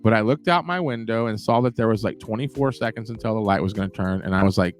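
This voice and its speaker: Low-ish guy rambling thru a story on his show, animated and cussing, little music in back. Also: a little fast. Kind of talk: casual storytelling monologue.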